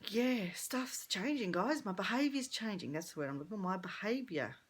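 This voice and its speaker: A woman's voice: mid-range voice, lively intonation, normal speed, a little hiss or hum. A middle-aged woman talking candidly in a rambling personal vlog, thinking aloud and correcting herself as she goes. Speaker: vlogger.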